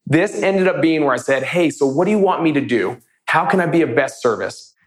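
A man's voice: a little high, reverberant. A man teaching real estate wholesaling, telling stories from his calls in an upbeat, casual way. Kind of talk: storytelling teaching talk.

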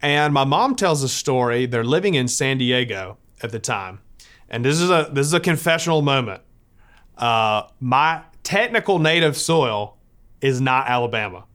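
A man's voice: medium pitch, normal speed. A man from the United States telling a personal faith story in a conversational way. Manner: conversational, lively when quoting others.

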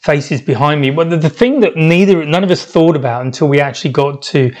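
A middle-aged man recounting a long solo journey on his podcast. His delivery wanders and doubles back, circling his thoughts in an unhurried, reflective way. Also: on the high side. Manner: rambling, reflective, many restarts. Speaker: podcast host. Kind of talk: reflective travel storytelling podcast.

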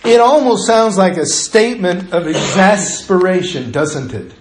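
A male pastor preaching in a conversational way, his voice fairly high for a man. He slows and quiets down to drive points home. The sound carries the echo of a roomy church. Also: lively intonation, slight background noise. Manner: conversational preaching that drops to slow, quiet emphasis. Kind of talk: sermon. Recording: echoey room.

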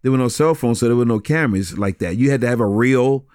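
Man, middle-aged, street minister, animated storyteller, mid pitch, dry close sound. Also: quick pace, dry recording. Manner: animated, many restarts and "you know". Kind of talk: conversational storytelling.

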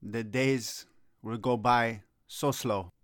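A man's voice: mid-range voice, fairly even intonation, slow pace, no echo, studio quality. Melodramatic middle-aged soccer-coach man. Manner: gloomy, melodramatic rants that flare into agitated Italian cursing. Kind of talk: comedic sketch dialogue.

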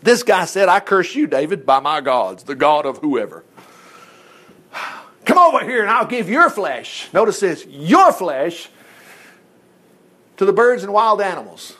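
Lively, high-voiced man preaching. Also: unhurried, long pauses. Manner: animated storytelling, acts out quotes, chuckles often. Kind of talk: sermon.

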